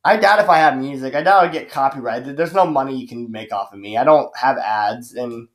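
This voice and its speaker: A man's voice: mid-range voice, fairly quick. A man, a YouTuber, ranting in a vlog, cursing and sarcastic, rambling with restarts. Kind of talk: profane angry rant vlog.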